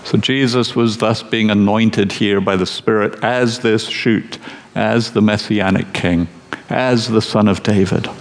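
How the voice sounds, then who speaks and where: Guy preaching, slow emphatic teaching voice, lowish, long hall echo. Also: steady tone. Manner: measured, emphatic teaching delivery. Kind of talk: sermon.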